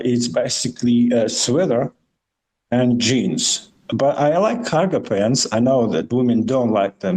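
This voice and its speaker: A man's voice: medium pitch, a little mellow, low-quality recording. Hesitant man. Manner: hesitant, thoughtful, frequent restarts. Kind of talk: casual chat.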